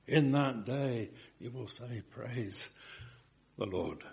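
Slow, emphatic male preacher. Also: mid-range voice, gravelly, darkish tone. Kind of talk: sermon.

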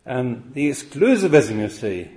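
Earnest preacher, emphatic and questioning. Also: male voice, mid-range voice, sing-song, measured pace, a little mellow. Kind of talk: sermon.

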